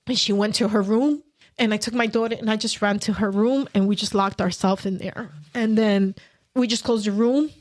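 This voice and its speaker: A woman's voice: medium pitch, fairly even intonation. Earnest woman telling a hard story. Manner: earnest, halting, with restarts. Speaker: podcast guest. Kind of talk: personal storytelling interview.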